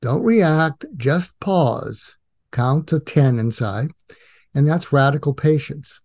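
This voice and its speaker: Older man explaining with animated quoted dialogue. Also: on the high side, slow. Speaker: guest psychiatrist. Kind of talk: explanatory interview talk.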